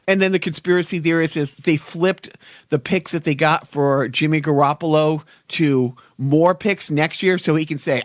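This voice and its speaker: A man's voice: on the high side, fairly even intonation, moderate pace, dry recording, studio quality. A man hosting a podcast in casual chat, ranting in a sardonic way. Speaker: podcast host.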